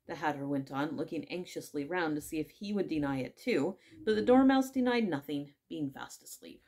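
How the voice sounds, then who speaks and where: A woman reading a classic children's story aloud in measured narration. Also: sits low, expressive, mellow. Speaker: audiobook reader.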